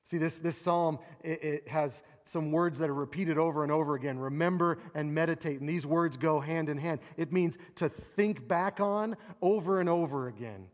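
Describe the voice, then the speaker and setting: A man preaching a sermon, animated and expressive, acting out quoted laments with a rising voice. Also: a little high, normal speed, few pauses. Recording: long reverb of a large hall.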